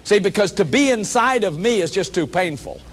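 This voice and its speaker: A man's voice: sits high, sing-song, normal speed. A man giving a public lecture as a workshop leader, earnest and emphatic, often repeating words as he restarts.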